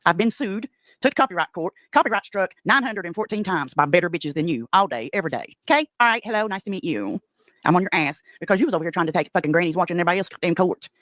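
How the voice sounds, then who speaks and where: A woman's voice: on the low side, animated, fast, a bit bright, dry recording, studio quality. A woman with an East Tennessee accent ranting on a livestream in a brash, profane Southern drawl. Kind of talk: profane confrontational livestream rant.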